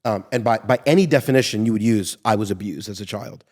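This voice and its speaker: A man's voice: fairly low pitch, fast, darkish tone. A man co-hosting a casual discussion, telling personal stories in an earnest way. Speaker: podcast co-host. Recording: reverberant room.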